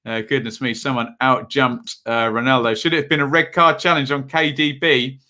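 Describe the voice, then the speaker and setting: A man's voice: mid-range voice, little pitch movement, moderate pace, sharp tone. A young man hosting a live football watch-along, chatting casually and rambling between match commentary. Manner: chatty, rambling, self-deprecating.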